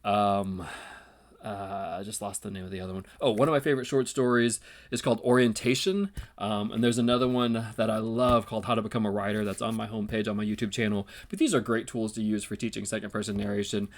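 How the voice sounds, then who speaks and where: A man, a teacher, talking casually in an instructional video, relaxed and rambling with many ums and uhs. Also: lowish voice, fast talker.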